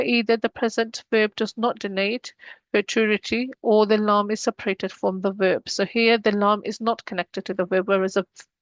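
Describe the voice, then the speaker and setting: A woman's voice: mid-range voice, dry recording. A woman teaching an Arabic grammar lesson, explaining each rule step by step and mixing English with Arabic terms.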